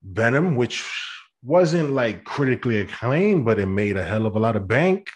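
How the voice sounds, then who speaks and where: A man's voice: medium pitch, very animated, moderate pace, slightly rough. A man hosting a podcast, chatting casually and putting questions to his co-host. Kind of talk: casual pop-culture chat.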